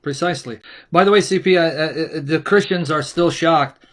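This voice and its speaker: A man's voice: a little high, normal speed. A man co-hosting a heated religious debate show, talking in an emphatic, sarcastic, mocking way. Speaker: co-host. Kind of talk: heated apologetics discussion.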